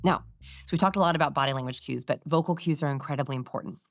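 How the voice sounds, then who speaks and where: A confident woman speaks as an interview guest, teaching lively lessons on body language and acting out her own examples. Her voice sits fairly low for a woman. It is recorded close and dry, with no room sound. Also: fast talker, dry recording. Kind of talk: explaining in a conversational interview.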